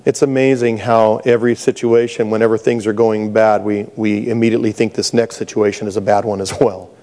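Mellow-voiced man preaching a sermon. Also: fairly low pitch, fairly quick. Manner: animated storytelling, laughing at own jokes. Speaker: pastor.

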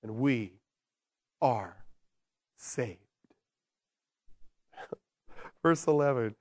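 A male pastor preaching a sermon with animated delivery, dropping into slow, quiet emphasis and then building to excited bursts. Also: mid-range voice. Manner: slows down to stress key words.

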